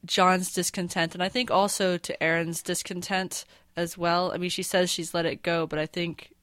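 A woman's voice: lowish voice, little pitch movement, moderate pace, fairly bright tone, dry recording. A woman co-hosting a podcast, casually talking through a story's structure and thinking aloud. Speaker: podcast co-host. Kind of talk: casual chat.

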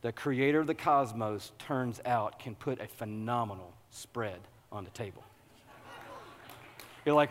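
A man preaching a sermon, animated and humorous, working up to loud, excited preaching. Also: medium pitch, measured pace, big-room sound, a little hiss or hum. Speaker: pastor.

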